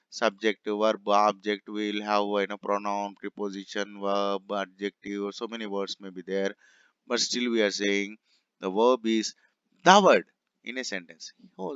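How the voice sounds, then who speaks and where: A male teacher gives a classroom grammar lecture, repeating every example slowly so it sinks in. His voice sits at an ordinary middle pitch. The recording is dull and lo-fi, with a dry, close sound and no room echo. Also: a bit bright. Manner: repeats each example sentence twice, explaining patiently. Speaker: English teacher.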